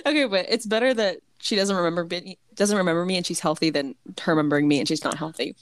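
A young woman co-hosts a podcast and tells a family story in casual chat, rambling with plenty of fillers and laughter. Her voice is lowish and her pace is quick.

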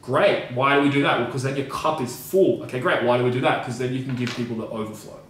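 A man's voice: medium pitch, quick pace. Guy on a podcast going hard, swears a lot, repeats himself for punch, sounds far off in a super echoey room. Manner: emphatic and profane, with repeated phrases. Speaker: podcast co-host and coach. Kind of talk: casual podcast discussion. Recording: very echoey room, mic at a distance, faint noise.

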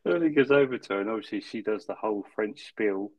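A man's voice: lowish voice, animated, fast talker, dry recording. A man, co-hosting a casual podcast chat, chatty and swearing freely as he retells scenes. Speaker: podcast co-host.

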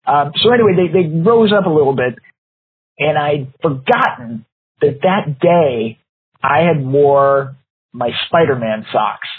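A man's voice: fairly high pitch, lively intonation, unhurried, slightly rough, dry recording. Rambling man on tinny phone-like audio. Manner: rambling, laughs often, many fillers. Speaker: podcast co-host. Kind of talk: casual storytelling chat.

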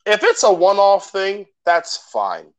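A man's voice: high voice, sing-song, slow pace, muffled recording. A man co-hosting a podcast in a casual chat, laughing often and joking around. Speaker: podcast co-host.

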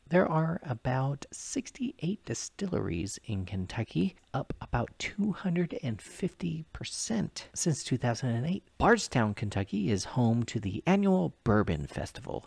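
A man's voice: mid-range voice, vocal fry, breathy edge, no echo. A man hosting a podcast, talking casually and breaking off for joking asides. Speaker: podcast host. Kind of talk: casual chat.

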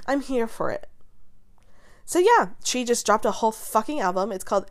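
A young adult woman hosting casual pop-culture commentary, talking in quick, animated, profane rants with a sarcastic edge and frequent laughter. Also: on the high side. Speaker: host.

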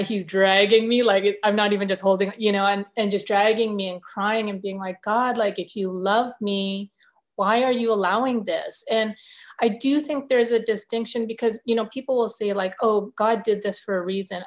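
A woman's voice: mid-range voice, fairly even intonation, normal speed. A woman guest in a conversational interview, telling her story in an earnest, openly emotional way.

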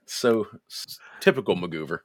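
A man in casual chat, telling crude drinking stories with lots of swearing and animated quoted voices. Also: deep voice, normal speed, dry recording, clean studio sound. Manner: profane storytelling, lively quoted voices.

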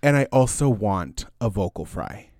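A man's voice: on the low side, expressive, moderate pace, a little mellow, no echo, clean studio sound. A man co-hosting a podcast, chatting in a playful, goofy way. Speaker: podcast co-host. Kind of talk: casual chat.

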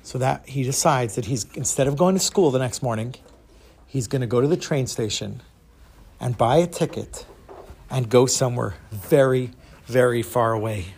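A man telling a story to a group of children, expressive, with dramatic pauses. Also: medium pitch, husky.

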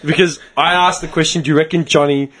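A man's voice: fairly high pitch, fairly even intonation, quick pace, fairly bright tone. A man hosting a casual chat with friends, who laughs often, swears and keeps cutting in to steer the talk. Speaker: podcast host.

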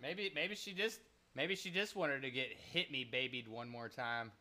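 A man co-hosting a comedy podcast, chatting casually with quick jokes and puns. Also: medium pitch, bright, forceful tone. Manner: quick, joking, punning. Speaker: podcast co-host.

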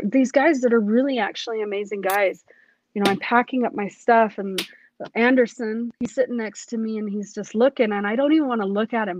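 An earnest woman tells her personal story with feeling, often stopping and restarting her sentences. Her voice sits at a middle pitch. The sound is dry and a little muffled. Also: a little mellow, dry recording. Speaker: police academy cadet telling her story. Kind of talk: personal testimony in conversation.

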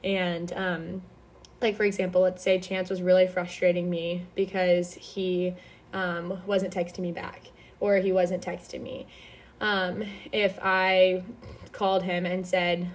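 A woman's voice: lowish voice, flat delivery, takes it slowly. A young woman hosting a podcast, giving casual faith-based advice in a chatty way full of fillers and restarts. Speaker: podcast host.

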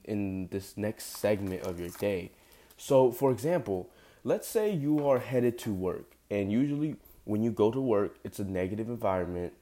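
Groggy young man, deep mellow voice. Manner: rambling, full of fillers, emphatic repetition. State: just woke up, groggy. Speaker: podcast host. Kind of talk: casual solo podcast monologue.

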